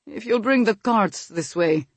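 A woman's voice: medium pitch, animated, measured pace, no echo, voice pushed up. A woman voicing a stern male estate guard who speaks curtly, in an audiobook reading.

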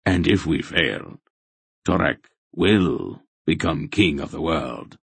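A man's voice: very deep voice, lively intonation, takes it slowly, gravelly, breathy edge, dry recording, heavily acted. A man voicing a brusque, commanding old male sorcerer in an audiobook. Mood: grave. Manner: firm, brusque. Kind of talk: audiobook character voice.

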